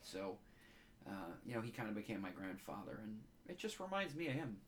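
A man's voice: on the low side, very animated, a little fast, slight background noise. A man co-hosting a casual chat, telling a heartfelt story in a rambling way and getting choked up as he talks. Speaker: podcast co-host.

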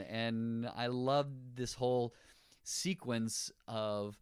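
A man co-hosting a casual chat about an animated film, animated and laughing often, acting out quoted lines. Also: mid-range voice, takes it slowly, smooth. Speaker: podcast co-host. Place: living in a city.

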